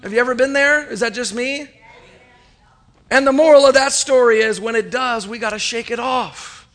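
A man with a high voice preaching from a church, his delivery rising and falling as he speaks to his congregation. He tells a story and asks the listeners questions as he builds to his point. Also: moderate pace, fairly bright tone. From United States. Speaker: pastor. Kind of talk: sermon with storytelling.

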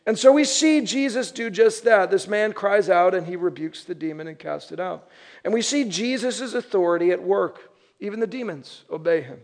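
A man's voice: sits high, normal speed. A young adult man, a pastor, preaching a sermon and acting out the voices of people he describes. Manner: animated, acts out quoted voices.

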